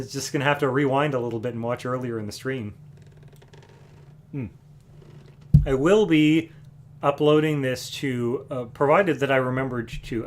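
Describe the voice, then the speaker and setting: A man hosting a music livestream from home, chatting casually between songs in a relaxed, rambling way with frequent chuckles. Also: medium pitch, slight background noise. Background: acoustic guitar.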